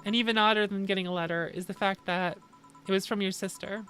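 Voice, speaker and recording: A woman streamer reading a game's story aloud and taking on every part herself. Her delivery is plain, at a middle pitch for a woman. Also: steady tone, fast, fairly bright tone, soft background music. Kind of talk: reading game dialogue aloud.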